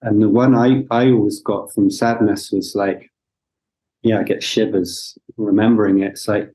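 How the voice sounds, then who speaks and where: A man's voice: fairly low pitch, steady tone, moderate pace, mellow, low-quality recording. A man who is a coach, a guest on a podcast, speaking reflectively and hesitantly, searching for his words. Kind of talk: reflective conversation.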